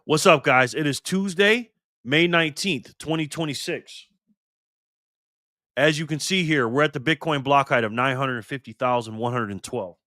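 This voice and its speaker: An older man talks fast and fired up on his own live stream, cursing freely and calling viewers "man" and "brother." His voice is bright and forceful, and the sound is dry and close with no room echo. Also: medium pitch. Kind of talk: casual live stream talk. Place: garage.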